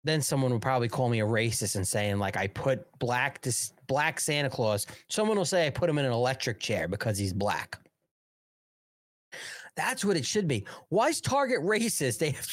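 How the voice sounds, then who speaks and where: A middle-aged American man hosts a live commentary show, his pitch swinging widely as he mocks and jokes. His sarcastic, profane rant is broken by frequent laughter. The voice sounds close and dry, with no room echo. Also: big pitch swings, moderate pace.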